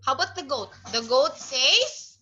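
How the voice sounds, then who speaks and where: A woman teaching a small child in a high, lively, sing-song voice. She talks very slowly, with exaggerated coaxing phrasing. Her tone is sharp and bright. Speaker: English teacher for a young child. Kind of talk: online kids' English lesson.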